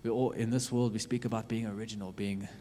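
A man preaching a sermon, earnestly urging his listeners with lots of repetition, swinging from loud to hushed. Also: lowish voice, flat delivery, fast, a little hiss or hum. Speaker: youth preacher. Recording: long reverb of a hall.

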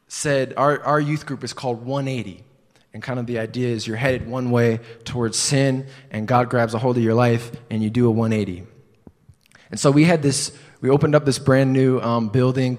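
Man preaching a sermon in a reverberant hall. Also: mid-range voice. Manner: conversational storytelling with rhetorical questions.

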